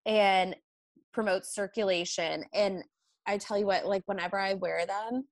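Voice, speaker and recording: A woman's voice: medium pitch, steady tone, unhurried, dry recording. A pregnant woman who works as a nurse, chatting casually and acting out her patients' requests as she tells her stories. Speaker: registered nurse guest. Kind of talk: casual chat.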